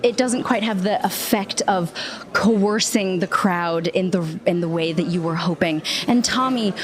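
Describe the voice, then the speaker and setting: A woman narrating as game master, telling the scene with lively storytelling and plenty of fillers and restarts. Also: medium pitch.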